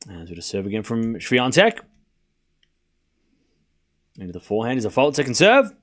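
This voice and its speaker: Lively man calling tennis points. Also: mid-range voice, moderate pace. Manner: animated, bantering with chat. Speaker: livestream tennis commentator. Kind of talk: casual play-by-play commentary and chat.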